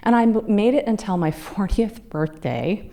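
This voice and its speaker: A woman's voice: mid-range voice, animated, normal speed, gravelly, mellow. A woman in her fifties giving a talk as a guest speaker, telling a personal story in a conversational way and acting out the people she quotes. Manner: conversational, acts out quoted voices. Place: club meeting room.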